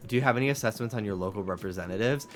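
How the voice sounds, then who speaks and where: A US man streaming a game speaks very fast in a fairly low voice, with faint music behind. He chats casually and rants in an animated way, swearing plenty.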